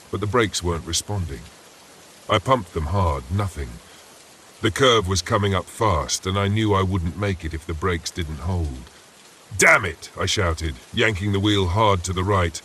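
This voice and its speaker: Deep-voiced man narrating scary stories. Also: fairly bright tone, slight background noise. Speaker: storyteller. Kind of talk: first-person scary story narration.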